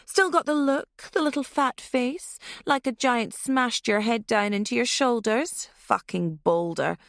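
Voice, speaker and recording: A woman puts on a cold young female killer who taunts her victim in a low, slow, menacing murmur. The voice has a gravelly edge and sits close and dry. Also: dry recording. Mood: taunting.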